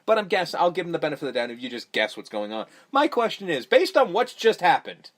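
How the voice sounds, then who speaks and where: A man with a voice on the high side talks fast on his podcast, summarizing a horror movie in crude, casual chatter. He gets animated, slipping into the characters' voices along the way.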